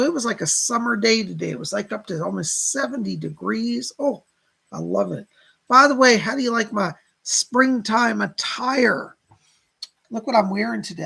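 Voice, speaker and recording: A man's voice: sits high, vocal fry, fairly bright tone, breathy edge, low-quality recording. A middle-aged man hosting a live psychic stream, who talks in a gushing, chatty way full of exclamations. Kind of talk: casual live-stream chat.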